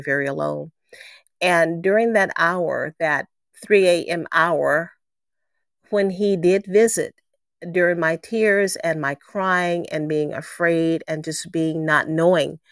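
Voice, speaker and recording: A woman's voice: deep voice, measured pace, fairly bright tone, no room sound, clean studio sound. A woman around sixty giving an emotional personal faith testimony, telling her story earnestly and repeating words for emphasis. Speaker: guest sharing a faith testimony.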